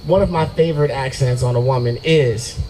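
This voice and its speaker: A man's voice: mid-range voice, fairly quick, warm tone, a little hiss or hum, low-quality recording. A young man doing a brash, profane stand-up set at an open mic night in a brewery and riffing with the crowd. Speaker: stand-up comedian.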